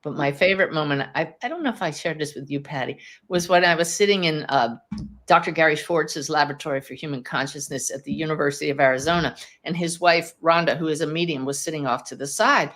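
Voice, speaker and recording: Podcast host, woman, medium; lower-pitched, warm storytelling energy, chatty, laughs easily. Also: fast. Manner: enthusiastic, chatty, laughs often. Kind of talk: live Q&A podcast, teaching and storytelling.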